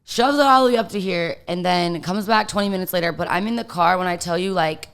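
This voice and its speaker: A woman's voice: fairly low pitch, quick pace, clean tone. A woman guest telling a story in casual chat, rambling with lots of fillers and swearing.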